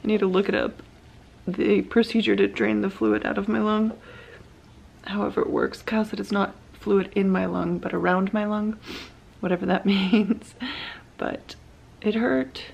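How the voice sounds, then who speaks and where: A woman's voice: mid-range voice, animated, moderate pace, vocal fry, darkish tone, slightly rough, muffled recording. A woman in her thirties recording a personal video diary, speaking openly and emotionally, tearful at times. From California. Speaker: vlogger sharing her cancer journey.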